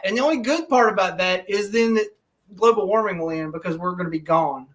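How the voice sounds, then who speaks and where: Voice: medium pitch, brisk, a bit bright, far from the mic. A podcast host ranting in casual chat, heated and full of profanity.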